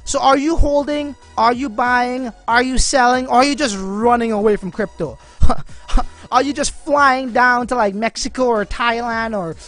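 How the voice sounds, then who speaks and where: A man's voice: very high-pitched, measured pace, a bit bright. Male livestream host, loose and slangy, talks straight to viewers, faint music underneath. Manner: slangy, filler-heavy, addresses viewers as man and bro. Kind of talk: casual live-stream chat.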